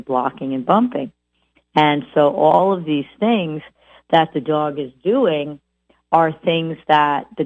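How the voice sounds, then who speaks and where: A woman dog trainer giving an animated instructional talk, acting out owners by repeating words over and over. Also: sits low, dry recording. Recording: tinny phone-like audio.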